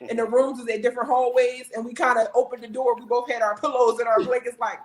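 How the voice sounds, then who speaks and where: A guest in casual chat who laughs often and chimes into the story. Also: male voice, extremely high pitch, flat delivery, fast. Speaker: guest husband. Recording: noisy background chatter.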